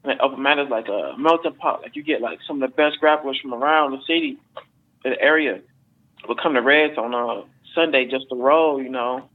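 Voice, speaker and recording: A man's voice: medium pitch, fairly quick. A man being interviewed as a fighter, telling stories in a rambling, casual way with lots of fillers and swearing. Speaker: MMA fighter guest. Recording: phone-like narrow band.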